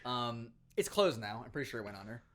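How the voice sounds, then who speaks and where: A man's voice: mid-range voice, expressive, quick pace, a bit bright. A young man, a podcast guest, telling stories in casual chat, acting out other people's lines and swearing freely. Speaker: podcast guest, former pro gamer.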